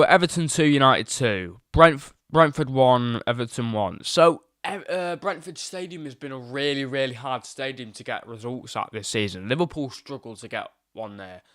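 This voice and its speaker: A young man hosting a live football stream, chatting casually and excitedly, rambling and swearing freely. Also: medium pitch, no echo, clean studio sound. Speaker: livestream host.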